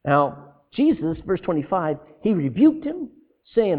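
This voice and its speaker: A man preaches a sermon with a high voice that swings up and down widely. He throws rhetorical questions to the congregation and breaks into asides. The sound is tinny and narrow, as if heard over a phone line. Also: very animated, unhurried. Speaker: pastor.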